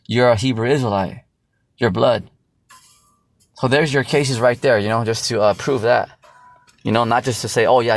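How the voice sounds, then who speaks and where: A man preaching from the Bible in a loose, casual way, full of fillers and profanity. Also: mid-range voice. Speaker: street preacher.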